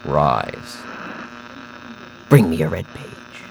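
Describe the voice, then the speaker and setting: A man voicing a thin, calm and calculating man who speaks from inside a book. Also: extremely low pitch, drawn-out words, creaky, slight background noise, full character voice, poor audio.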